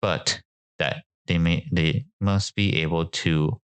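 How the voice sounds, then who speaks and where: A man's voice: deep voice, fairly even intonation, slow pace, fairly bright tone, clean tone, no echo. A man hosting his podcast, giving casual, wry commentary and often correcting himself mid-sentence. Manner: wry, self-correcting, chatty. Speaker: podcast host.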